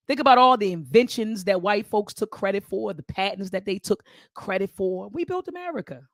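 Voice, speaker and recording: A woman's voice: medium pitch, no room sound. An impassioned woman hosts a live-stream book discussion. Her voice sits in a middle range. She speaks with a rhythmic, preacher-like repetition, and the sound is dry and close, with no room around it. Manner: impassioned, preacher-like cadence, repeats phrases. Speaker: host.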